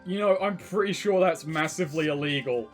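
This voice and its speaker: A man's voice: a little high, a little fast. Wry young British man, faint music behind. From Britain. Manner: laughing often, wry and sweary. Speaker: co-host. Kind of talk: casual commentary chat.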